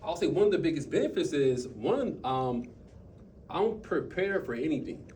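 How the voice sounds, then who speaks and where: A man telling stories and coaching his team in an impromptu motivational talk, animated, with quick bursts and trailing asides. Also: on the high side, recorded from a distance, slight background noise. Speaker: speaker at a team meeting.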